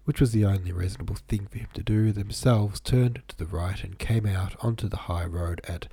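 Stuffy, nasal low-voiced man reading. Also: husky, dry recording. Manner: calm, measured reading. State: stuffy head cold, nasal. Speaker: podcast host reading a novel aloud. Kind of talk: audiobook-style reading.

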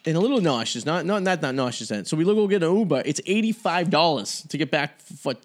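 A man's voice: on the high side, lively intonation, fast talker. A man hosting a podcast, telling a rambling story in casual chat and swearing freely. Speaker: podcast host.

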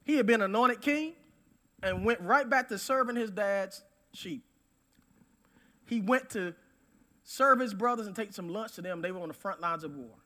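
A male preacher with an unusually high and very bright, piercing voice. He hammers his points with repeated phrases and moves between loud declarations and near-hushed asides, in full sermon delivery. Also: moderate pace, pauses often.

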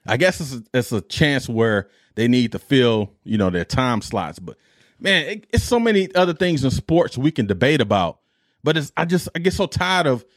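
Middle-aged male podcast host, lively exasperated rant, dry close sound. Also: a little high, normal speed, no room sound. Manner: animated, exasperated ranting with repetition.

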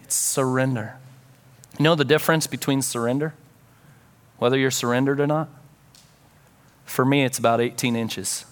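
A man's voice: mid-range voice, fairly even intonation, moderate pace, long pauses. A man pastor delivering a sermon, telling a story with earnest feeling and acting out prayers and conversations.

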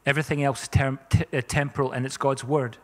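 A man's voice: medium pitch, fairly even intonation, fast talker, fairly bright tone. A man preaching a sermon as pastor, earnest and emphatic, often adding "amen". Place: church. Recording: reverberant church hall.

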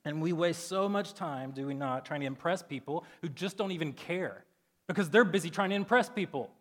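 Male pastor, 30s, slightly high voice, conversational preaching style, animated storyteller. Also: brisk. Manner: chatty, filler-heavy, jumps loud and high in animated retellings. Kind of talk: casual sermon.

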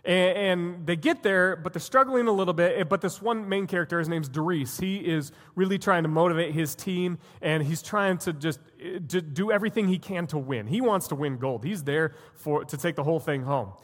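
A man's voice: high-pitched, moderate pace, hardly any pauses, long reverb tail. A man preaching a sermon as a pastor, telling a story earnestly and building to emphatic points. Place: church sanctuary.

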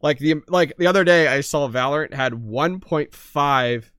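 A man on a casual podcast tells stories with energy, playing both sides of each exchange. His voice sits a little high. The sound is dry and close, with no room echo. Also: normal speed, clear, resonant tone. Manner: animated storyteller, acts out both sides of conversations. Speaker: podcast co-host. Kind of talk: casual chat.

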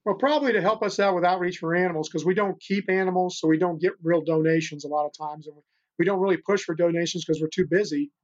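Here the older US podcast guest speaks quickly in a high-pitched voice, telling rescue stories in a casual interview. His delivery is earnest and wandering, full of restarts, and the remote audio comes through dull and lo-fi.

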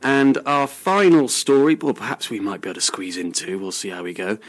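Casting: low-voiced man, casual radio science host who rambles and restarts his sentences. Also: fairly even intonation, a little fast. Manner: rambling with many fillers and restarts. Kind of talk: casual radio news chat.

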